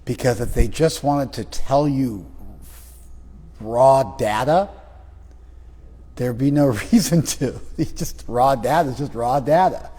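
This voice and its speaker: A man's voice: mid-range voice, slow, long pauses, husky. A man leading a class discussion, teasing his students and acting out the voices of people he describes. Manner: teasing, animated, acts out quoted voices. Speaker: spiritual teacher leading a class. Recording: room recording with long reverb.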